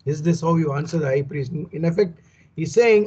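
A male preacher teaches from scripture with emphatic repetition and rhetorical questions. His voice sits a little high and sounds husky. The recording is dull and lo-fi. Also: brisk, darkish tone. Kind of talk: Bible teaching sermon.

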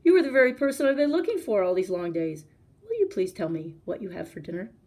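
A woman's voice: on the low side, wildly swooping pitch, moderate pace, gravelly, dark tone, slightly rough, heavily acted. A woman voicing a curious, very polite young male elephant calf in a storytime read-aloud. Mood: breathless, eager. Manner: very polite, eager.

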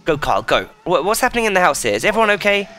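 A man giving excitable, sweary commentary while playing a video game. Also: very fast. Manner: excitable, swears a lot, jumps in pitch. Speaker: gaming YouTuber. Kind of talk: casual let's play commentary.

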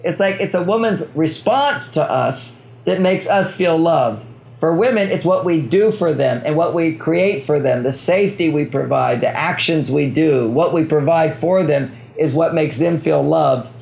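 A man with a high, gravelly voice explains his ideas in a playful, easygoing interview style. The audio is dull and lo-fi. He chuckles freely as he talks. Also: moderate pace, darkish tone. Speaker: author guest. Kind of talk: conversational interview.

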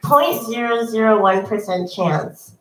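A woman's voice: a little high, lively intonation, measured pace, a bit bright, far from the mic. Chatty woman in an echoey room. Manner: chatty, self-deprecating, many ums. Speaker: musician hosting a home concert. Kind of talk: casual chat between songs. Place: home, indoors.

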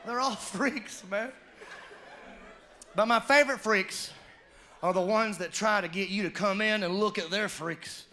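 A Southern American stand-up comedian with a high-pitched voice tells loud, animated stories on a comedy club stage, shouting out character voices. He is unhurried and pauses often. The live club recording picks up audience noise and laughter.

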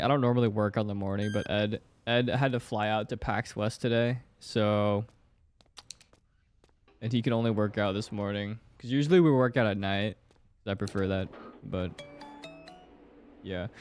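A man's voice: fairly low pitch, darkish tone. A young man playing a horror game, reacting with jumpy, joking commentary and reading lines aloud. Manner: jumpy, swears and laughs at scares, reads game lines aloud. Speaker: gaming streamer.

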